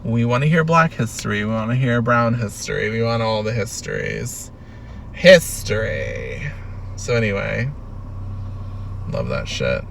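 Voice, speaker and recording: A man's voice: lowish voice, sing-song, a little slow, gravelly, a bit bright, recorded from a distance, a little hiss or hum. A man hosting a podcast in casual solo chat, rambling and sarcastic with plenty of swearing, a little sick with a tickle in his throat. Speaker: podcast host.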